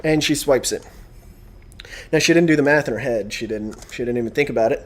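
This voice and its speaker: A man's voice: medium pitch, brisk. A young man vlogging a casual, sarcastic, rambling rant about an annoying shopper. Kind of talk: casual ranting vlog.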